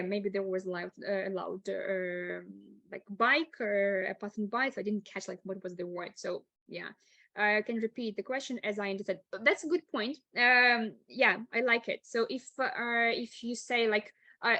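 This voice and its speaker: Chatty woman English teacher, high voice. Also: pushed and bright, dry recording. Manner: chatty, laughs often, many "like" fillers. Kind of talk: online webinar lecture.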